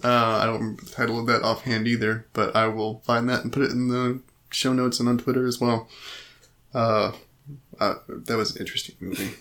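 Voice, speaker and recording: A man's voice: medium pitch, little pitch movement, a little fast, a bit bright. A man co-hosting a casual book-discussion podcast, trading dry jokes and often restarting his sentences. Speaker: podcast co-host.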